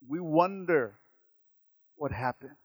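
A man preaching a sermon, moving from quiet, low passages to loud, emphatic repetitions. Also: animated, slow.

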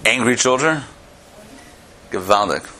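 A man gives a live lecture to a classroom audience. His voice is bright and forceful, and he speaks conversationally, restarting phrases and stopping to tell a joke. Faint noise sits under the recording. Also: mid-range voice, expressive, unhurried. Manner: conversational, repeats and restarts, tells jokes. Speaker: rabbi teaching a class.

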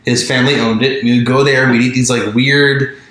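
A man's voice: mid-range voice, flat delivery, a little fast, a bit bright. Rambling man in a very echoey room. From Mid-Atlantic United States. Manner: rambling, self-interrupting, laughs often. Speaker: podcast co-host. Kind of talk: casual chat.

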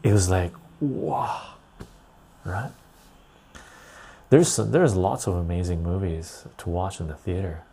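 A man's voice: low-pitched, a little slow, pauses often, mellow, husky. A man hosting a casual livestream, reading chat aloud and rambling loosely. He sounds tired and laughs easily.

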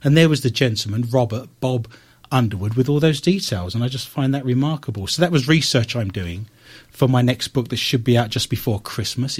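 A man's voice: medium pitch, slightly rough. A man hosting a radio talk show, telling stories and reading the news with wry asides. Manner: animated storyteller with wry asides.

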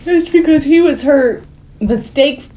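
A woman's voice: high voice, measured pace, dark tone. A woman chatting on a movie podcast, making dry remarks and correcting the others. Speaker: podcast co-host. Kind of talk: casual movie podcast chat.

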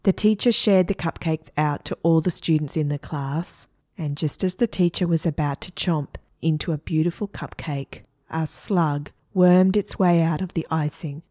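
A woman narrating a children's story expressively, dropping to hushed asides. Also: deep voice, moderate pace, no echo, studio quality.

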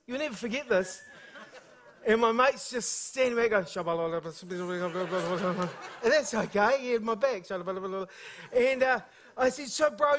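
Energetic New preacher with a high voice. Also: male voice. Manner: storytelling, humorous and energetic. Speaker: guest preacher. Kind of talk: sermon.

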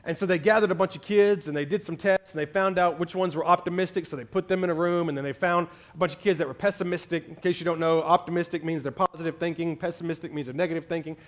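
A man's voice: a little high, steady tone, quick pace, hardly any pauses. A male pastor preaching a sermon, telling a story and building up to emphatic exclamations.

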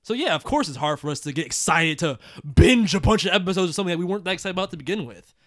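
A male podcast host reads listener emails out loud, breaking in with jokes and quick laughs. His voice sits a bit high. The recording is close and dry, with no room sound. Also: animated, no room sound. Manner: reads aloud with joking asides, laughs often. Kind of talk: casual podcast chat.

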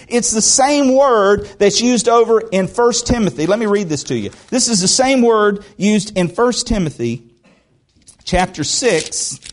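High-voiced folksy pastor. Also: male voice. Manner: folksy, joking asides, repeats words when starting. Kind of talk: sermon.

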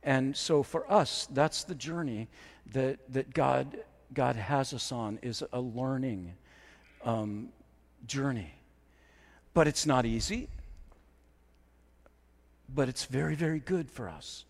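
A man's voice: medium pitch, slow, pauses often. Man preaching in an echoing hall. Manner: conversational and self-deprecating, building to emphatic preaching. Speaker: pastor. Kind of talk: sermon. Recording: long reverb of a large hall.

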